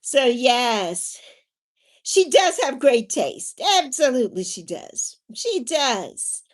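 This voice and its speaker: A woman's voice: high-pitched, animated, a little slow. A woman hosting a casual livestream, chatting with viewers in a bubbly, sing-song way and drawing out her words. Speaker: livestream host.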